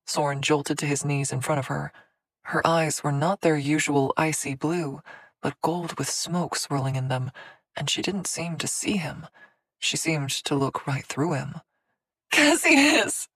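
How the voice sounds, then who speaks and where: Woman reading a fantasy audiobook, low voice, dead dry booth sound. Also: steady tone, dry recording. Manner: measured, dramatic storytelling. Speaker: audiobook narrator. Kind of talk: scripted narration.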